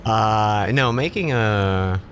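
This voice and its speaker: A man's voice: on the low side, slow pace, a bit bright, a little hiss or hum. Casual, swearing male game streamer. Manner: chatty, swears casually, talks to chat. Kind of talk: casual gaming commentary.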